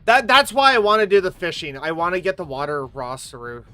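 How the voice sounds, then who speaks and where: A woman's voice: fairly low pitch, animated, a little fast, a bit bright. A woman streaming her gameplay live, coming down with a sore throat and coughing, chatting casually in a rambling way and swearing now and then. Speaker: game streamer.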